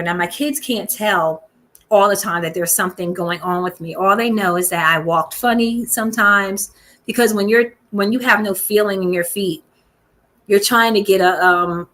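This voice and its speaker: A woman's voice: mid-range voice, a bit bright. A woman, hosting her own show and candidly telling a personal story at home, speaking straight to her listeners. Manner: chatty and candid, addresses listeners directly. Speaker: show host. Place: home room with balcony door open.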